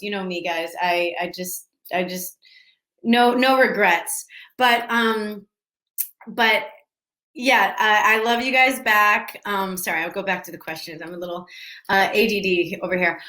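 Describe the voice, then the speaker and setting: An actress answers fan questions on a casual video call, her medium-pitched voice bright and forward. She rambles and restarts sentences, keeping things loose, while the room around her echoes noticeably.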